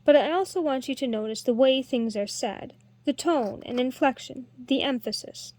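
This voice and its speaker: A woman reading a storybook voices an older master harper, a man who speaks in a measured, kindly but authoritative way. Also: high voice, a little mellow, close to an everyday voice.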